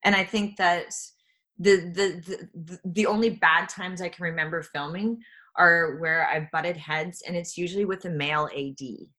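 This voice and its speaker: Bright-voiced woman in her forties. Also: on the low side, normal speed. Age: 40s. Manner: animated, restarts often, acts out quoted people. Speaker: actress guest. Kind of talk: candid conversational storytelling.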